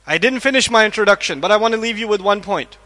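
A man giving an animated religious lecture to a live audience, questioning listeners and acting out quotes. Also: sits high, fast talker. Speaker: Islamic lecturer. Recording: echoey hall.

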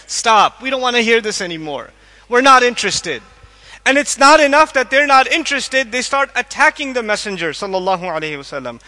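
A man giving an animated religious lecture to a live audience, questioning listeners and acting out quotes. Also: extremely high pitch. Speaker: Islamic lecturer. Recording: echoey hall.

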